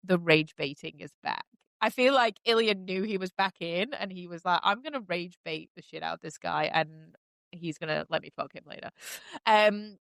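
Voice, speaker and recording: A woman with a lowish, gravelly yet fairly bright voice hosts a podcast with no echo on the recording. She recaps a TV show in a gushing, chatty way, full of fillers.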